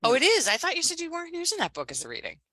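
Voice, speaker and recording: A woman's voice: sits high, wildly swooping pitch, racing, pushed and bright, no echo, low-quality recording. A middle-aged woman, a coach and healer co-hosting a casual podcast, talking reflectively with many restarts.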